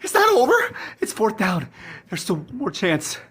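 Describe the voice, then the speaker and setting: A woman's voice: medium pitch, wildly swooping pitch, normal speed, husky, exaggerated voice. A woman playing a panicked, guilt-ridden fantasy football manager in a comedy sketch, whispering breathlessly and swinging between terror and relief. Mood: despairing.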